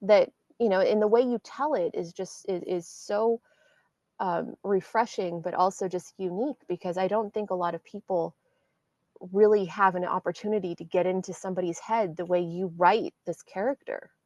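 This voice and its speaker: A woman's voice: lowish voice, fairly even intonation, moderate pace, darkish tone, no room sound. A woman hosting a podcast, speaking thoughtfully and searching for her words as she praises a book. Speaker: podcast host. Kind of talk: casual interview talk.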